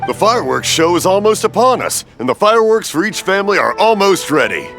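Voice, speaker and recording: A man's voice: high-pitched, sing-song, brisk, creaky, soft background music, exaggerated voice. A man voicing a cheerful, hard-of-hearing older father in a video game dub, rambling and often mishearing. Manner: rambling, mishears, laughs warmly.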